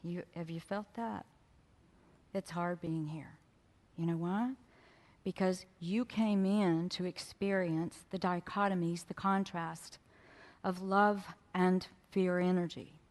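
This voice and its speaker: A woman speaker with a low voice tells frank, animated stories from a stage and talks straight to the crowd. Her voice carries a long reverb from a big lecture hall. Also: slow pace. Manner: frank, animated storyteller who addresses the audience directly. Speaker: spiritual speaker. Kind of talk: storytelling presentation to a live audience. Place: lecture hall at a fellowship event.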